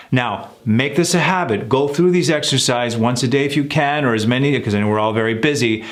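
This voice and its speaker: A man teaching pronunciation, exaggerating his sounds as he drills words and encourages viewers. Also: medium pitch. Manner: encouraging, direct address to viewers. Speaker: accent coach. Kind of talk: pronunciation lesson.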